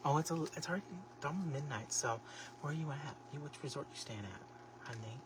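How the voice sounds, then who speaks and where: A man hosting a casual craft livestream, chatting to viewers in a sassy, expressive way with lots of exclamations. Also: a little high, brisk, recorded from a distance. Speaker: livestream host making a craft basket. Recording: steady background noise.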